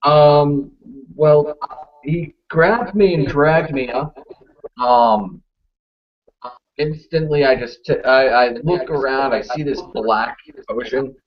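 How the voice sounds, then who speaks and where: A man playing a tabletop game, casual and halting as he thinks aloud. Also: medium pitch. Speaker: player. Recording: dull lo-fi recording.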